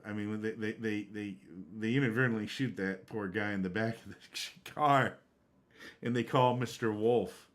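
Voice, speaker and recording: Man, very low voice, game streamer, casual rambling chat. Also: steady tone, normal speed. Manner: rambling, conversational.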